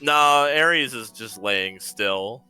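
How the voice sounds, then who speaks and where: Game master, male, very bright tone, loose chatty narration, soft music underneath. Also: fairly low pitch, animated, slow pace, clean tone. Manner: describes scenes loosely with fillers.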